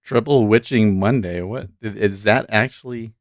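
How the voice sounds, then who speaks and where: A man's voice: on the low side, normal speed, no room sound, studio quality. A man hosting a day-trading livestream, talking casually to viewers at his desk microphone and thinking aloud between remarks. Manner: chatty, talks directly to viewers. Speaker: livestream host and day trader. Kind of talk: casual live commentary.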